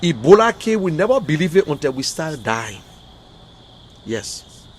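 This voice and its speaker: A man's voice: on the high side, big pitch swings, a little slow, a little hiss or hum. A man with a Liberian accent giving heated political talk on a livestream, emphatic and exasperated, repeating his points. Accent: Liberian English. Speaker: livestream commentator.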